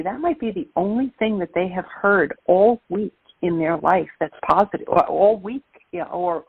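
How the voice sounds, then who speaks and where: A woman's voice: medium pitch, husky, no echo. A woman from Brooklyn with a Brooklyn accent, speaking emphatically and motivationally as a guest calling into an interview. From Brooklyn, New York. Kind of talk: phone-in interview. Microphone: phone. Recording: dry, tinny phone line.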